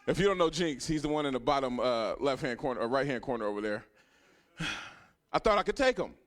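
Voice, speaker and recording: A man in his thirties doing a stand-up comedy set, telling a profane story that swings from hushed asides to loud punchlines. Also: mid-range voice, animated, brisk. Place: comedy club stage.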